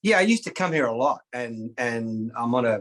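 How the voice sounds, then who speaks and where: A man's voice: medium pitch, expressive, moderate pace, a bit bright, poor audio. An Australian man co-hosting a podcast, teasing and joking crudely in casual chat. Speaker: podcast co-host.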